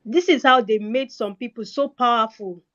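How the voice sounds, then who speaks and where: A woman's voice: a little high, moderate pace, a bit bright, muffled recording. A woman speaking in a live online discussion, impassioned and emotional, sometimes stammering. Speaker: speaker in a live audio space.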